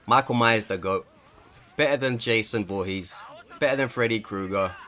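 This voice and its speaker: A man's voice: lowish voice, normal speed, pushed and bright. A man casually commenting on his own gameplay, joking, swearing and laughing, acting out other players' lines. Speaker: gaming streamer.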